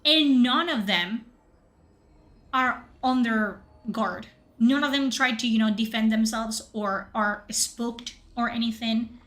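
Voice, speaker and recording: A woman's voice: a little high, slow, a bit bright. A woman streaming a video game, rambling sarcastically and swearing freely as she comments on it. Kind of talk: live gameplay commentary. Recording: game music underneath.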